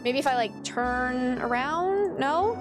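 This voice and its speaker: A woman's voice: sits high, lively intonation, takes it slowly, music in the background. A woman streamer chatting casually while playing a game, exasperated and swearing casually as she goes. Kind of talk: casual gameplay commentary.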